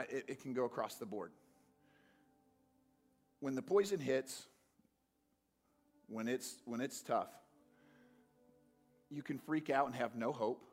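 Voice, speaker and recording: A man preaching a sermon, animated, swinging from loud calls to quiet, earnest talk. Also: mid-range voice. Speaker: pastor.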